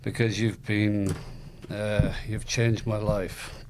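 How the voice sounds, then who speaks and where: A man who is a podcast guest, talking in a soft-spoken, heartfelt way. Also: lowish voice, flat delivery, slow, background noise. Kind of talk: casual conversation.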